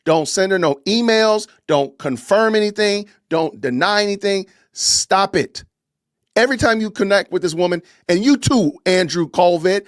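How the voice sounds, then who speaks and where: A man's voice: sits high, lively intonation, normal speed, no echo, studio quality. A man hosting a podcast, delivering an impassioned, preachy commentary rant with lots of repetition and emphatic commands. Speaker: podcast host.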